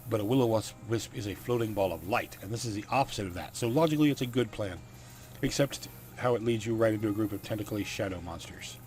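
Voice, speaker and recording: A man's voice: lowish voice, fast, a little mellow. A man hosting a let's play, reading game text aloud with wry asides.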